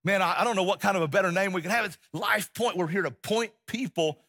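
Pastor guy preaching, fired up then going quiet, slightly high voice. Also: fast talker, husky. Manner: impassioned, repeats phrases for emphasis, drops to a hush. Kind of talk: sermon.

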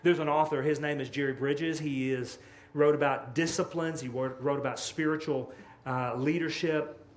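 A man preaching a sermon as pastor, impassioned and swinging from loud, rising lines to hushed, low ones. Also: steady tone, normal speed. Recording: echoey room with faint ambience.

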